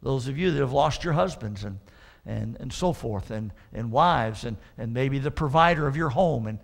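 A man pastor delivering an earnest sermon, often restarting with repeated words and swelling into loud emphatic warnings. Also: medium pitch, lively intonation, normal speed, gravelly.

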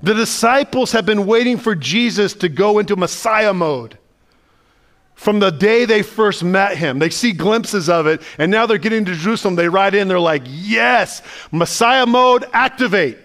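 A man, the pastor, preaching a sermon in a conversational, animated way and asking the listeners lots of questions. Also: high-pitched, normal speed. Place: church sanctuary.

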